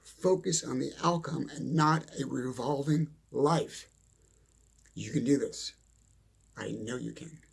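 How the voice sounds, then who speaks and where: A man's voice: mid-range voice, takes it slowly. A middle-aged man giving a blunt, emphatic motivational talk, repeating his points and cursing mildly. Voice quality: gravelly, husky. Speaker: motivational speaker. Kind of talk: motivational monologue.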